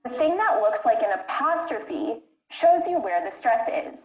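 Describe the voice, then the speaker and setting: A woman teaching English pronunciation in a clear, deliberate, scripted way. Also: fairly high pitch, sing-song, a little mellow. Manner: clear, deliberate modeling of words. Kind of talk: scripted lesson narration. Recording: echoey room.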